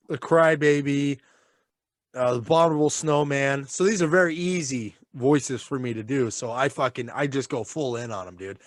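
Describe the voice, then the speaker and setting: A man's voice: mid-range voice, no room sound, clean studio sound. A man co-hosting a casual chat. He talks animatedly, swears freely and laughs often. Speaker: podcast co-host and father.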